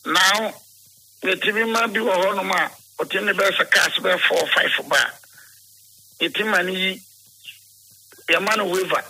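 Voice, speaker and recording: A man's voice: sits high, sharp tone, a little hiss or hum, low-quality recording. A man with a Ghanaian accent being interviewed, telling a rambling story, switching between English and Twi and acting out the dialogue he quotes.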